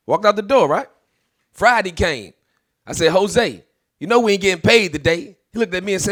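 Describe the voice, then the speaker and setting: A man's voice: sits high, lively intonation, fairly quick, a bit bright. A man in his thirties doing a stand-up comedy set, brash and swearing, acting out the people in his stories.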